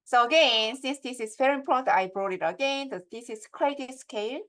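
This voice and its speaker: A woman's voice: a little high, brisk, a bit bright. A middle-aged woman gives a step-by-step lecture on academic writing and keeps checking in with her audience through questions.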